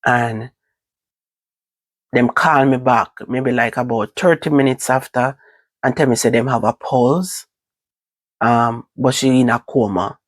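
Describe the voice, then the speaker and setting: A woman with a Jamaican accent recounting a personal story to her viewers, in a halting, repetitive way. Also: rumbling low, steady tone, no echo. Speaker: vlogger.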